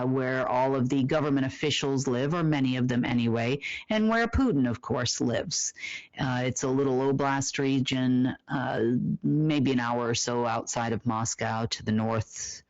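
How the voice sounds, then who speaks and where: A host delivering a monologue report, asking rhetorical questions and answering them, with drawn-out emphasis and frequent fillers. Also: mid-range voice, dry recording, muffled recording.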